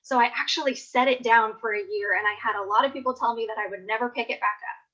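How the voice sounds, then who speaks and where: A woman's voice: a little high, quick pace, sharp tone, dull audio. A woman, a startup founder, telling her story in an earnest presentation over a video call.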